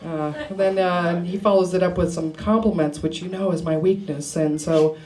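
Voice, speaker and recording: A woman's voice: lowish voice, fairly even intonation, normal speed, dark tone. A woman performing a stand-up comedy set at an open mic, playful and laughing at her own jokes. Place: small bar open mic. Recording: noisy live room recording.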